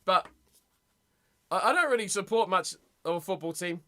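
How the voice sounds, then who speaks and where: A young man rambles and reacts aloud to his chat, excitable and chatty. His voice sits high and sounds bright and lively. He talks casually, like a live streamer at home. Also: normal speed. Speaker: streamer hosting a rugby watch party. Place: home room.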